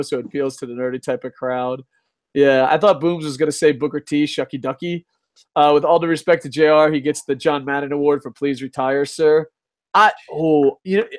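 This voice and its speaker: A man hosting a casual live stream, reading chat, swearing and ranting, laughing often. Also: a little high. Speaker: host.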